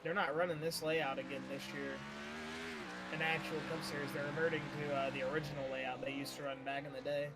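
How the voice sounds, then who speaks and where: A man's voice: on the high side, flat delivery, fairly quick, very noisy. Easygoing male sim racing commentator. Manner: filler-heavy, easygoing. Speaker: race commentator.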